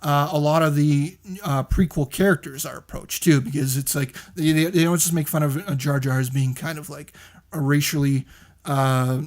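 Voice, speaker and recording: Podcast guy, kinda high voice, lots of uhs, steady and thoughtful. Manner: measured, many uh fillers. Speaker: podcast co-host. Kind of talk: casual podcast debate.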